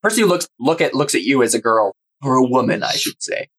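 A man's voice: medium pitch, sing-song, a little fast, a bit bright, rough recording. A man running a tabletop game as game master, narrating casually with frequent restarts.

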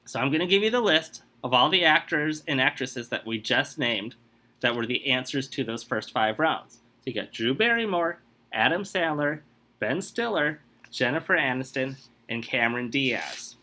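A man on a comedy podcast running a movie quiz game, talking in an animated way with exasperated outbursts. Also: mid-range voice, moderate pace.

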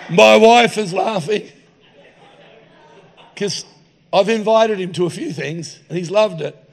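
Male preacher, anecdotal and jokey, gravelly raised pitch. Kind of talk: humorous sermon storytelling. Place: church hall.

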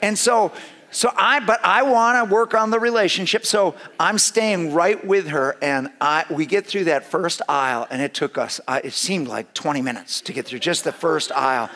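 Middle-aged man, somewhat high voice, animated storyteller, swings loud and soft, restarts phrases. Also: moderate pace. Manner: animated, with big swings in pitch and loudness; repeats and restarts phrases as he talks. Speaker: speaker telling a story to a gathered audience. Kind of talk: storytelling talk with humor.

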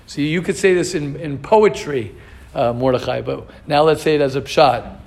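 Gravelly, high-voiced man teaching Torah. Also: moderate pace, slight background noise. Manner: animated, asks students questions, mixes in Hebrew terms. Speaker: rabbi teaching a class. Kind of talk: informal Torah class.

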